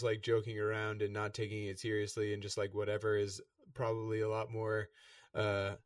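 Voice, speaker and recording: A man's voice: lowish voice, no echo, studio quality, recorded from a distance. A man hosting a casual chat, easygoing and full of fillers, thanking his guest. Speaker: podcast host.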